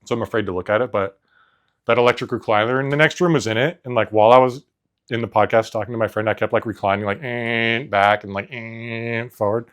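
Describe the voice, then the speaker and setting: A man's voice: medium pitch, steady tone, fast talker, a bit bright. A man co-hosting a podcast, telling rambling stories in casual chat, laughing often and filling gaps with "like". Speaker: podcast co-host.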